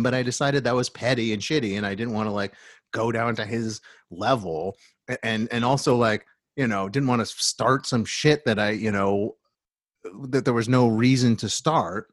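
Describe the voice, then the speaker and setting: A man telling a long story in casual, animated chat, swearing often and restarting his sentences. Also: mid-range voice, no room sound, studio quality. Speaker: storyteller in a talk.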